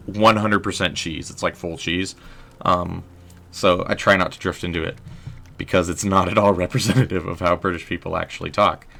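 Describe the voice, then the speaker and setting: A man's voice: deep voice, vocal fry, pushed and bright. A young man casually commenting on his gameplay, chatting with viewers and joking at his own expense. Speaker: livestreamer and writer.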